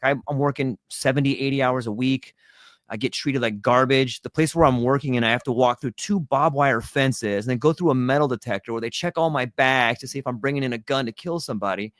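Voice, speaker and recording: A man's voice: medium pitch, no room sound, studio quality. A middle-aged man telling a personal story in a candid, casual way, swearing freely and laughing often. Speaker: guest.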